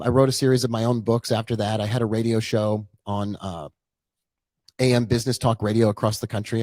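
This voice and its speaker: A man's voice: mid-range voice, darkish tone, no room sound. A man in his forties, a trading coach, telling his own story in a casual, chatty live-stream talk full of asides.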